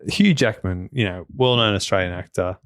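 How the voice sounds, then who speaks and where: Brief: lowish gravelly male co-host, wry and teasing, dry close mic. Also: moderate pace, dry recording. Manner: joking, teasing, wry asides. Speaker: podcast co-host. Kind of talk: casual conversational podcast chat.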